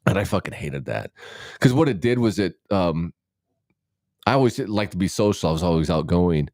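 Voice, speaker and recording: A middle-aged man co-hosts a podcast in casual chat, rambling, cutting himself off and swearing freely. His low voice has lively intonation, a darkish tone and normal speed, recorded in studio quality with no room sound.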